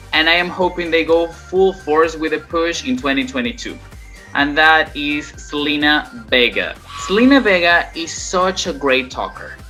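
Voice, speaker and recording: Bright-voiced host ranking wrestlers. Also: mid-range voice. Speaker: channel host. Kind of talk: casual wrestling commentary.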